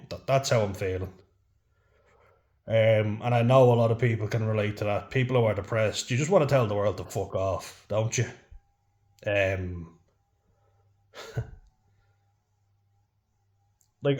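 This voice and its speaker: Irish male vlogger, lowish voice, candid and profane, talks straight to camera. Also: a little mellow. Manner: frank, heavy swearing, frequent "you know". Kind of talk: casual chat to camera.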